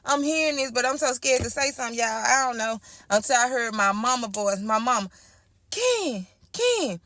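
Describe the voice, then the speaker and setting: A woman's voice: fairly high pitch, steady tone, brisk, sharp tone, no echo, studio quality. A young woman telling an emotional storytime about a traumatic night, acting out the voices of the people involved. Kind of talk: storytime vlog.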